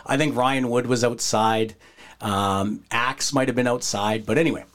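Male podcast host, mid-pitch, casual storyteller who acts out the quotes. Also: moderate pace. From Canada. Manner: animated, acts out quoted voices, breaks into laughter.

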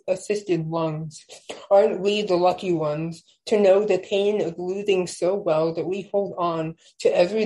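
A young woman, a podcast guest, chatting casually and then reading her own poem aloud with slow, measured stresses. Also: on the low side, dark tone, low-quality recording. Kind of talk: casual chat and poetry reading.

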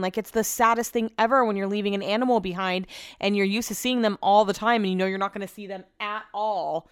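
Woman, casual storytime vlog, rambling and chatty, smooth voice, dry recording. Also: mid-range voice, fairly even intonation, fast, no room sound. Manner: chatty and rambling, with asides and self-corrections. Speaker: vlogger. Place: at home at her computer.

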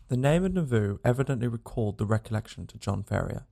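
Man, audiobook narration, gravelly, measured. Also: fairly low pitch, expressive, dark tone. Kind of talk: scripted narration.

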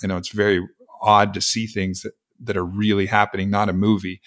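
Deep-voiced man, flat delivery, rambling thoughtful podcast host. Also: a little fast. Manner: thoughtful, rambling, many fillers. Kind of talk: philosophical podcast conversation.

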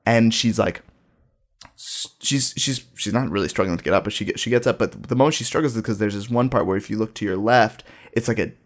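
A man's voice: lowish voice, fairly quick. A man in casual conversation, animatedly telling a travel story and acting out the lines of people in it. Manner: animated storyteller, acts out quoted dialogue. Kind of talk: casual chat.

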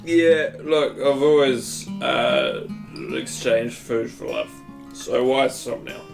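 A man playing in a tabletop game, joking playfully with loud comic outbursts. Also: medium pitch, big pitch swings, slow pace, vocal fry. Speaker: player. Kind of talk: casual tabletop role-play. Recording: music bed behind the talk.

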